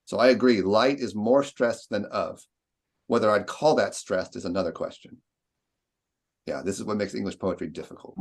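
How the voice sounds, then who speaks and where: A man's voice: fairly low pitch, moderate pace. A man leading an online poetry seminar, explaining stress and meter and asking students questions. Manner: explanatory, questioning, tapping out rhythms.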